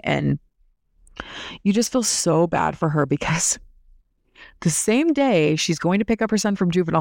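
A woman's voice: low-pitched, creaky, no room sound, clean studio sound. A woman recapping a reality TV episode in a casual, opinionated way, saying "like" often. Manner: chatty and opinionated, heavy use of "like".

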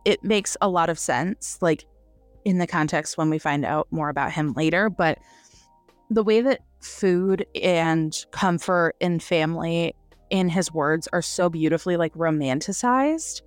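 A young woman with a slightly low voice talks through a book review in a relaxed, chatty way. She gushes openly and laughs easily. The sound is dry and close, with faint music under it. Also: no room sound. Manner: animated, gushing, quick laughs. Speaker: podcast co-host. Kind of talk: casual book review chat.

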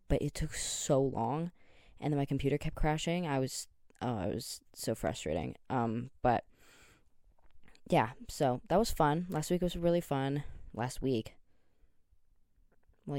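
A man's voice: mid-range voice, darkish tone, no echo. A young Canadian man in his twenties chats alone into the mic for his podcast, tired but still chatty. He rambles and cuts himself off, fills gaps with likes and ums, and gets keen about the superheroes he loves. The sound is dry and close, with no room around it. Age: 20s. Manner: rambling and self-interrupting, with many likes and ums. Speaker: podcast host. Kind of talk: casual solo podcast chat.

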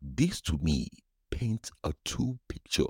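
A man with a very deep, gravelly, husky voice speaks slowly and softly, often close to a whisper. His pitch still rises and falls a lot. The recording is dry and close, with faint music underneath. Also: sing-song, no echo. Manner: slow, soft, often whispery storytelling. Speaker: podcast host and recovery coach. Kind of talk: reflective podcast monologue.

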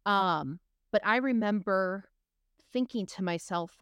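Frank middle-aged woman podcaster, smooth voice. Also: mid-range voice, moderate pace, dry recording, clean studio sound. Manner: frank, restarts and hesitates, thinks aloud. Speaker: podcast co-host. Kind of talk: candid casual chat.

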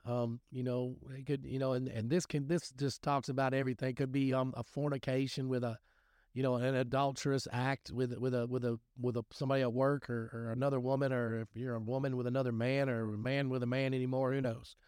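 A man with a drawl talks through scripture in a loose, folksy way, circling back and restarting his sentences often. His voice sits at an ordinary middle pitch. The recording is dry and close, with no room sound. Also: level tone, a little fast, darkish tone, clear, resonant tone, dry recording. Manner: rambling, folksy, many restarts and fillers. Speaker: recovery podcast host. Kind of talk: casual scripture talk.

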